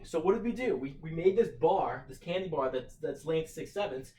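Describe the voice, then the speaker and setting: Walking his class through a math problem, a middle-aged male teacher thinks out loud, stumbling over fillers and restarting often. His high-leaning, expressive voice has a darkish tone and keeps a moderate pace with few pauses, over slight background noise.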